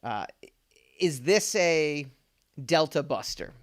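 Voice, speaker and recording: A man with a fairly high, sing-song voice speaks slowly as he hosts a casual pop culture podcast. He rambles, laughs often, and fills his talk with fillers and restarts.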